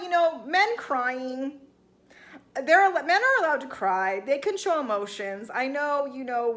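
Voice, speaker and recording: Young woman vlogger, kinda high voice, chatty and snarky, talking right to her viewers. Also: sharp tone. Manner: chatty, sarcastic, talks straight to viewers. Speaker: reality TV recap vlogger. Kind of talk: casual chat.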